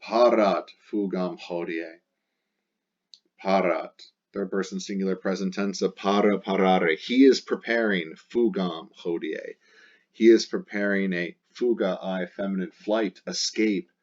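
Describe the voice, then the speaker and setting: Slow, low-voiced male Latin teacher. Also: steady tone, muffled recording. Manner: slow, patient, breaks into dramatic emotional readings of the text. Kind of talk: recorded Latin lesson, translating line by line.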